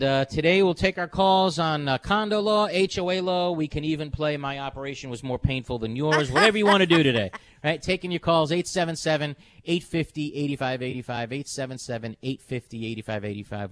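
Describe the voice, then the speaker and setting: A middle-aged radio host chats casually on air, animatedly telling a story and voicing the people in it. He speaks briskly with a fairly high pitch, and the recording is dry.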